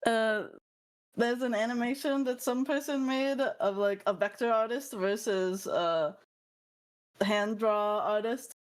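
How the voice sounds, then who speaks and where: A woman chatting casually with a friend on a call, giggly and drawn-out as she tells stories. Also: fairly high pitch. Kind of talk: casual chat.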